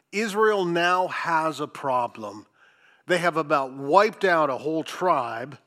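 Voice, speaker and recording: A man with a high-sitting voice preaches a sermon, reading scripture and adding sarcastic commentary. He swings between loud emphasis and hushed asides.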